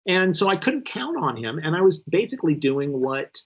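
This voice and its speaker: A man's voice: on the high side, very animated, moderate pace. A man being interviewed who candidly recalls his frustration with a colleague. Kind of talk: oral-history interview recollection. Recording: somewhat dull, lo-fi audio.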